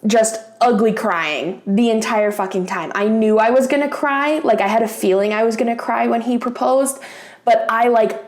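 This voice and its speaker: A young woman who vlogs about crafts tells a personal story to the camera in a casual, chatty way. Her medium-pitched voice sounds roomy, and she swears freely and uses lots of fillers.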